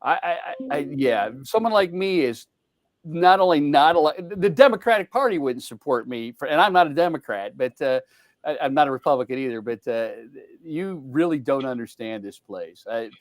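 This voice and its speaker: A man's voice: a little high, expressive, fairly quick, dry recording. An older man in casual political chat, blunt and profane, rambling with many restarts. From outside the South. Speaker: co-host.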